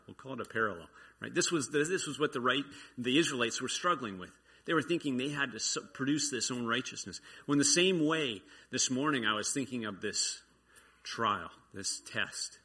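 Earnest man sharing a husky-voiced testimony. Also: mid-range voice, sharp tone. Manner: earnest storytelling with frequent restarts. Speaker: church member sharing a testimony. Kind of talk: informal testimony at a church meeting.

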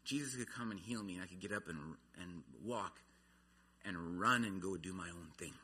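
A man's voice: low voice, normal speed, pushed and bright, slight background noise. A man preaching a sermon, earnest, his voice rising and falling in intensity. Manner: earnest, rises and falls in intensity.

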